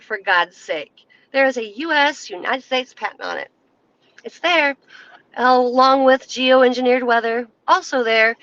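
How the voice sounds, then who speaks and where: Sharp-voiced woman ranting on a livestream. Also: on the high side, dull audio. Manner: emphatic, heated, scolding. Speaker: livestream host. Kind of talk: casual livestream rant. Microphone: cell phone.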